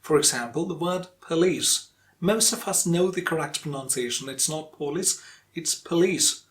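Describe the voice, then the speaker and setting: A man teaching English pronunciation in a video lesson, speaking deliberately and sounding out words syllable by syllable. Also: on the high side.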